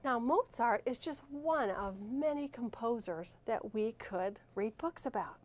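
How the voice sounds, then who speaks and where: Slow, clear-spoken woman teacher. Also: a little high, lively intonation, darkish tone, a little hiss or hum. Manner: clear, slow, deliberate teacher talk with drawn-out words. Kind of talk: recorded video reading lesson.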